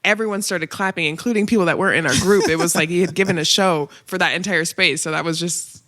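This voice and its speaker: A young woman chatting as a guest, bubbly and quick to laugh. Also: fairly low pitch, sharp tone. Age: young adult. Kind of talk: casual chat.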